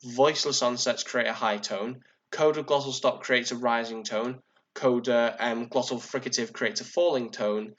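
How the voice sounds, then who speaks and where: A man's voice: mid-range voice, steady tone, moderate pace, a bit bright, dull audio. Hesitant man explaining at length. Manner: hesitant, many ums and restarts. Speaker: podcast co-host. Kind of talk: casual explanatory chat.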